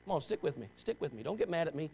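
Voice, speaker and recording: A man's voice: on the high side, animated, very fast, vocal fry, darkish tone. A pastor preaching a sermon to his congregation, talking straight at them in an impassioned, conversational way and pressing them with rhetorical questions.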